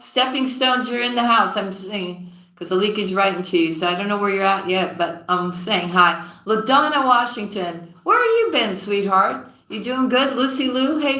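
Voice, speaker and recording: A woman reading tarot on a live stream, casually greeting viewers by name and calling them sweetheart and sis, often dropping low and quiet mid-sentence. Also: roomy sound.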